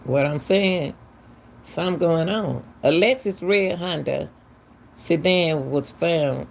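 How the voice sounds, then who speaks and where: A woman's voice: on the low side, slow, vocal fry, a little hiss or hum. A woman, hosting casual true-crime commentary, talking emphatically and firing off repeated, incredulous questions. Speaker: commentary channel host.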